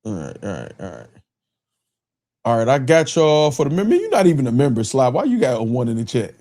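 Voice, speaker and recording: A man's voice: mid-range voice, wildly swooping pitch, brisk, dark tone. A man hosting a casual livestream, talking loosely to his chat, repeating himself and laughing often. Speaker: livestream host.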